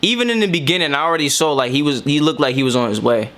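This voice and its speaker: A man's voice: on the high side, racing, slight background noise. Slangy joking man reacting on camera. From New York. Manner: slangy, joking, animated asides. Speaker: host reacting to a video. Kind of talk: casual reaction commentary.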